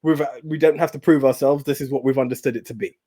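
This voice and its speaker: Relaxed man, hesitant casual chat. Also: mid-range voice, fast, breathy edge. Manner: relaxed, hesitant, repeats words. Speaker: co-host of a movie podcast.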